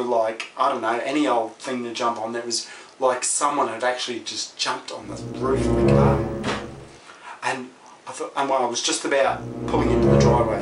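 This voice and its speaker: A man telling a spooky story in a casual way, swinging from loud exclamations to hushed whispers. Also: medium pitch. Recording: echoey room, mic far off, noisy.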